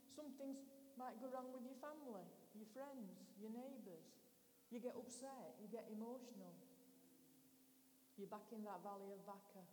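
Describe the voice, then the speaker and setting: A woman's voice: medium pitch, mellow. Woman preaching in an echoey hall. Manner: chatty, tells homely personal stories. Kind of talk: conversational sermon. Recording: echoey church hall with faint hiss.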